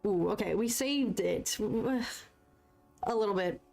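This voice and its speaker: A young American woman chatting casually and excitably while painting on a live stream, joking at her own expense and answering viewers. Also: medium pitch, takes it slowly, creaky, faint music behind. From United States. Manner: chatty, excitable, self-deprecating, reads chat aloud.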